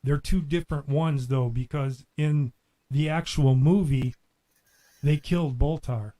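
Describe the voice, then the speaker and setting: A man's voice: a little high, measured pace, warm tone, dry recording, low-quality recording. A man chatting casually, often stumbling and repeating words as he starts. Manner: stammering restarts. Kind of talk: casual chat.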